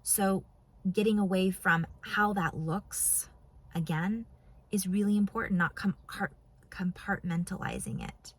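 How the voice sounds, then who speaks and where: A woman giving a heartfelt spiritual talk to her viewers, earnest and soft-spoken, pausing often and at times moved to emotion. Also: medium pitch, fairly even intonation, breathy edge. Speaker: spiritual channel vlogger.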